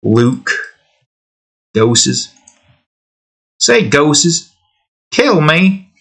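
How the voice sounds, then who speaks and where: A man's voice: mid-range voice, slow, pushed and bright. A man hosting his own channel, chatting casually to himself as he draws, trailing off and thinking aloud. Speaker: channel host drawing on stream. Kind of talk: casual rambling commentary while drawing.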